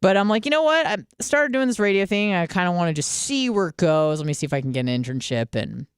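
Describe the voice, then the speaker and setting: Candid young woman radio host, crisp and dry. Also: fairly low pitch, fast, dry recording. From Michigan. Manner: candid, swearing, lively storytelling. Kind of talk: casual solo radio monologue.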